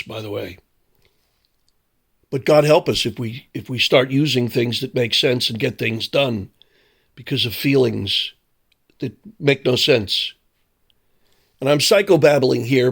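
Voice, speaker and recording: A man's voice: medium pitch, creaky. An older man delivering a blunt, sarcastic, profane ranting monologue. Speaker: commentator.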